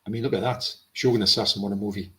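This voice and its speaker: A man with a low voice, co-hosting a casual film chat live stream and reading out viewer comments. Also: steady tone, rapid-fire, pushed and bright. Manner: chatty, reads out viewer comments.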